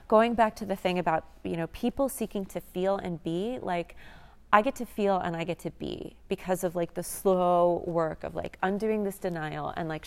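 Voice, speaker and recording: A young adult woman sharing a personal recovery story in an earnest, reflective way, with many "like" fillers. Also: fairly low pitch. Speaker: recovery program member sharing.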